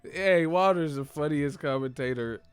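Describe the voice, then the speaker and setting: A man's voice: fairly high pitch, normal speed, clear, resonant tone, no echo, soft background music. A young man hosting a live stream about boxing, casual and profane, laughing often and mimicking commentators. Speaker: boxing channel host.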